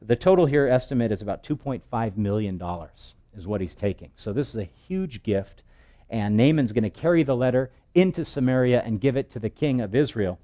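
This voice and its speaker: A male pastor preaching an expository sermon, telling the scripture story in a lively way and acting out its voices. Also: mid-range voice, fairly quick.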